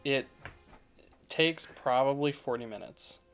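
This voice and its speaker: A man narrating as game master of a tabletop game, pausing often with ums and restarts. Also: medium pitch, music in the background. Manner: hesitant, many ums and restarts.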